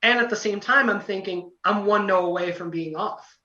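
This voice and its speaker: Young man rambling excitedly, distant echoey mic. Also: sits high, normal speed. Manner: excited, rambling, heavy on fillers. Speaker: podcast guest. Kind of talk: casual storytelling. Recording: roomy, distant, dull lo-fi podcast audio.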